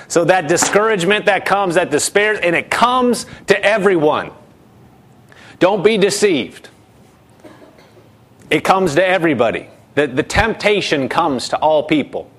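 Earnest fairly high-voiced male preacher. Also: a bit bright. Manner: earnest, repeats words for emphasis, drops low for quoted doubts. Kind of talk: sermon.

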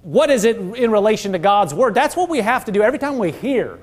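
Male preacher, high voice, earnest conversational teaching, heavy on rhetorical questions. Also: animated, fast talker, breathy edge.

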